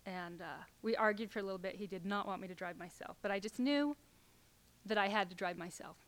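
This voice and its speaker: Soft-spoken middle-aged woman telling her story. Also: mid-range voice. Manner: halting, with fillers and restarts, dropping at times to a near whisper. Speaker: speaker telling a personal story. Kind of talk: personal storytelling to an audience.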